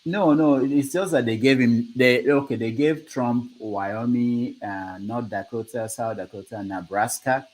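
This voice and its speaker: A man's voice: mid-range voice, unhurried, hardly any pauses, a little mellow, low-quality recording. A man hosting a casual live discussion who laughs often and reads out results as they come in. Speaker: host. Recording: faint background noise.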